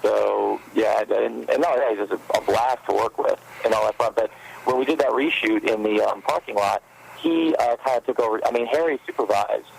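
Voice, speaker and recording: A man, a fan filmmaker guest, telling stories in a rambling, animated way during a casual interview, with a gravelly voice. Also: fairly low pitch, moderate pace, a little hiss or hum, rough recording.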